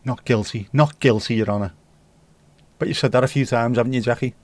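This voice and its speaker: A man's voice: medium pitch, a little fast, darkish tone, dry recording. A man with a Scouse accent from Liverpool, hosting a casual livestream and chatting jokily with his viewers. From Liverpool, England. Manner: chatty, jokey, reads out chat comments. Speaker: livestream host. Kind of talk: casual live chat with viewers.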